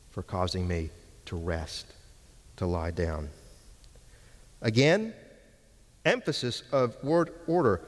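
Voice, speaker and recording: Slow emphatic male preacher in a hall. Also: mid-range voice. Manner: slow, emphatic teaching with rising stress on key words. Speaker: preacher and Hebrew teacher. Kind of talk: expository sermon.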